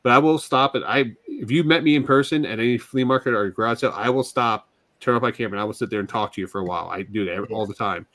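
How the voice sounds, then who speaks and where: A man's voice: medium pitch, fast, sharp tone, dry recording. A man co-hosting a casual live podcast chat, telling long, rambling stories in a chatty way. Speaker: podcast co-host.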